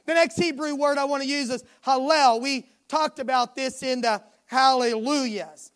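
A woman's voice: high-pitched, normal speed, hardly any pauses. A woman preaching a sermon at a midweek church service, emphatic and given to repeating refrains.

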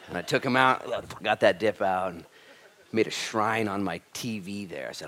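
A male pastor preaching a sermon in church, animated and frank, acting out quoted speech with humor. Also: fairly low pitch, a little fast. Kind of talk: sermon with storytelling.

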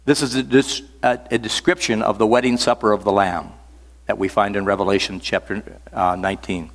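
An older male preacher delivers a sermon with a somewhat low voice, mixing folksy storytelling asides with earnest repetition of key phrases. His words ring out with a long reverb, as though filling a church sanctuary. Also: fairly even intonation, brisk. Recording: reverberant hall sound.

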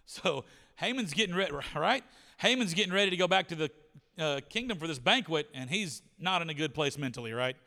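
A man preaching a sermon in a church, retelling a story with animated voices for the characters. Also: a little high, fairly quick. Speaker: pastor. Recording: reverberant church hall.

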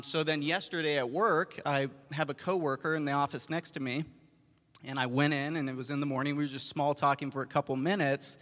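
A man's voice: a little high, fairly bright tone. A married man speaking earnestly, telling how he talks about his faith in daily life. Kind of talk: casual testimony. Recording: long hall reverb.

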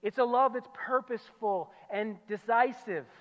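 A male pastor preaching an expository sermon, emphatic, repeating key phrases and swinging from loud declarations to low, quiet asides. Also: moderate pace. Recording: muffled sound with long hall reverb.

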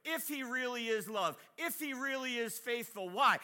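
A man preaching a sermon as a guest speaker, dramatic and humorous, moving from hushed asides to shouting. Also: extremely high pitch, expressive, normal speed, smooth. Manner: humorous, conversational storytelling.

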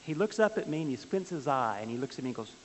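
A man's voice: medium pitch, very animated, fast. A man teaching a church Bible class with a folksy, joking manner, telling stories and asking the class questions. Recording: hissy, long-reverb hall.

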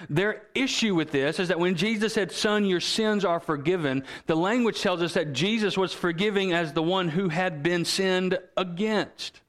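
A man preaching a sermon speaks earnestly in a voice slightly higher than usual and a bit bright. He reads scripture and story passages aloud, slowing down and letting his voice sink low when he wants emphasis.

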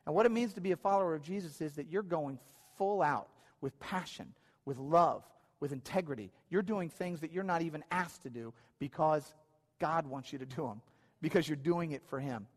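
A man's voice: a little high, moderate pace. Man preaching in a reverberant hall. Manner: conversational, many restarts and repeated phrases. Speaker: pastor. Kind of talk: sermon. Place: church hall.

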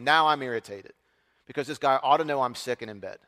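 A middle-aged man preaching, telling a story in an animated way and acting out the other voices. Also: medium pitch, fast talker. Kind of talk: storytelling sermon. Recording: long hall reverb.

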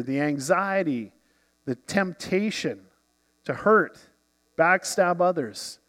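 High-voiced preacher man in a hall. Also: a bit bright. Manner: earnest, conversational preaching with acted quotes. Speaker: pastor. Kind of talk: sermon.

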